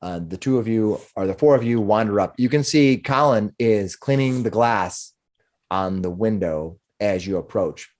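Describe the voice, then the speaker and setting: A man's voice: fairly low pitch, normal speed, a little mellow. A man narrating as game master of a tabletop game, rambling with frequent restarts.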